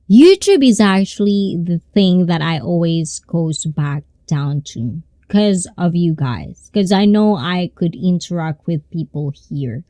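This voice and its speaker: A woman's voice: lowish voice, warm tone, dry recording. A woman chatting casually and rambling to viewers on her live stream. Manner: rambling, conversational.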